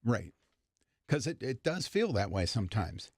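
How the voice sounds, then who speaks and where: A man co-hosting a morning radio talk show, speaking in a hesitant, measured way and gently pushing back. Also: fairly low pitch, sing-song, breathy edge, dry recording, studio quality.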